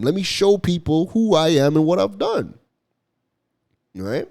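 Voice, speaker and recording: A man's voice: a little high, sing-song, moderate pace, a little mellow. A man from Toronto with a Toronto accent, giving emphatic commentary to camera as a marketing content creator, repeating his points and asking "right?" often. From Toronto, Canada.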